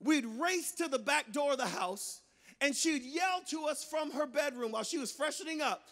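High-voiced, animated preacher man. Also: moderate pace. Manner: animated, swings between loud shouts and hushed lines. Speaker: guest preacher. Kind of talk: sermon with storytelling.

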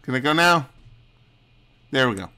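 A man's voice: medium pitch, expressive, moderate pace, pushed and bright, smooth. A man casually commenting while he plays a co-op video game with a friend, chatty and cursing now and then. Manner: chatty, swears, reads on-screen dialogue aloud with laughs. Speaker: streamer playing a co-op game.

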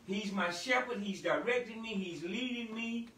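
High, bright-voiced preaching pastor. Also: male voice, moderate pace, reverberant, distant mic, slight background noise, poor audio. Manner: builds from quiet prayer to shouted preaching. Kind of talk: sermon.

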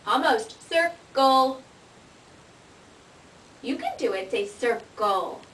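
A woman's voice: high-pitched, lively intonation, fairly bright tone, distant mic. Sing-song woman coaxing a child. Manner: sing-song, encouraging, slow and clear for a child. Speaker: speech therapist. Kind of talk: coaching a child to say words. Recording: echoey room, mic from afar, noisy home video.

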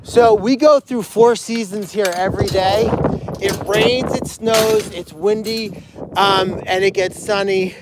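A man's voice: sits high, steady tone, slow, very noisy. A man hosting a casual live stream from a barn, chatting to viewers and cooing baby talk to the animals. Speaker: animal sanctuary livestream host.

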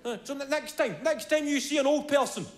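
A man doing a stand-up comedy routine, telling stories with animated bursts and shouted impressions. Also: extremely high pitch, fairly quick, heavy background noise. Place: large live comedy venue. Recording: echoey live venue with audience laughter. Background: crowd laughing.

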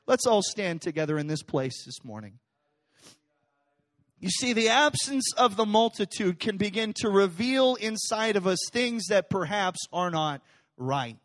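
A male pastor preaching a sermon in a church, animated and conversational, swinging between loud, intense passages and hushed, soft ones. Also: high voice, unhurried. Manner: casual, conversational phrasing with fillers. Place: church sanctuary.

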